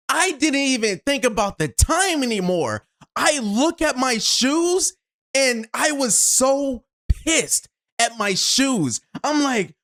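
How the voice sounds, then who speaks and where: The host acts out their own responses while telling a story from their life, voice rising into outbursts and then dropping to muttered asides. It is an expressive, home-studio recording made on a shotgun mic.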